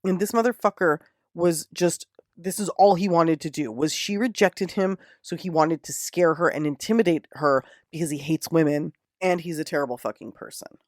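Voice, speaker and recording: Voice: medium pitch, normal speed, few pauses, dry recording, clean studio sound. A podcast host telling a true crime story in a casual, indignant, profane way. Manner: indignant, profane, animated retelling.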